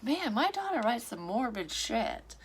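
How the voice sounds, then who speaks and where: A woman's voice: fairly high pitch, very animated, measured pace, husky. A woman who works as a psychic medium reads a story aloud and breaks off often for frank, rambling asides full of swearing. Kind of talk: reading a story aloud with casual commentary.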